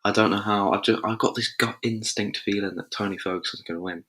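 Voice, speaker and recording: Low-voiced chatty man giving fight picks. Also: steady tone, fairly quick, pushed and bright. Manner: chatty, thinking aloud, loose slang. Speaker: MMA show host. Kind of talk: casual fight predictions.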